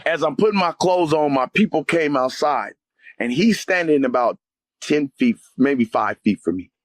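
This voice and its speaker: A man's voice: fairly high pitch, animated, normal speed, dry recording. A man, a guest on the show, telling an emotional spiritual testimony in a fervent, vivid way and often calling his listener "man" or "brother".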